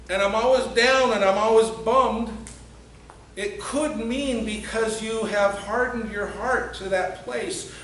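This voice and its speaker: Male pastor, high voice, unhurried, emphatic sermon delivery, echoey hall recording from a distance. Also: a bit bright, slight background noise. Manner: earnest, emphatic preaching with acted-out quotes. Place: church sanctuary.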